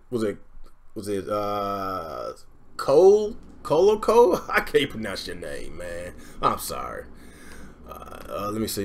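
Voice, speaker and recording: A man hosting a gaming live stream, ranting heatedly with lots of swearing and shouting, then calmly greeting viewers. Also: fairly low pitch. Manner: heated, profane, often shouting, then calm chatty shout-outs.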